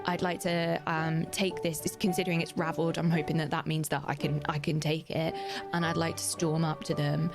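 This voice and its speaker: Giggly, gravelly young woman player. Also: sits low, flat delivery, brisk. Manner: chatty, giggly, rambling. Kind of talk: tabletop role-play chat. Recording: clear music in background.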